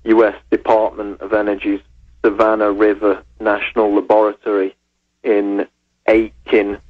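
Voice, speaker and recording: A low-voiced man calling into a radio show over a tinny phone line. He keeps his delivery flat and measured as he reads out his findings. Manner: level, measured, reading out details. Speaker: researcher and writer on air.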